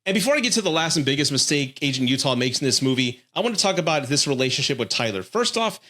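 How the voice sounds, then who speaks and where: A man's voice: on the high side, very animated, fast, pushed and bright. A middle-aged man hosting a casual film review, talking enthusiastically and swearing freely.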